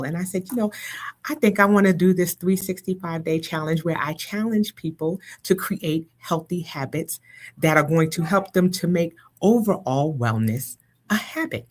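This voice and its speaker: Reflective woman using everyday analogies. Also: lowish voice. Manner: reflective, uses analogies, frequent "you know" fillers. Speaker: guest on a live show. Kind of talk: casual conversational interview.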